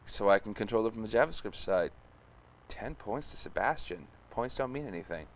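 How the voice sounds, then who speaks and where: Guy coding on a livestream, kinda low voice, mumbles and hums to himself as he types. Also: lively intonation, normal speed. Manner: thinking aloud, muttering and humming while typing. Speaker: live stream host coding. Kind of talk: casual live coding commentary.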